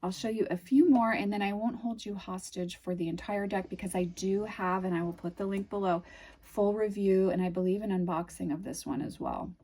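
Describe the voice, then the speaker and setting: A woman with a New England accent chatting casually through an unboxing, gushing and dreamy, often trailing off into soft murmurs. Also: medium pitch, a little fast. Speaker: tarot video host.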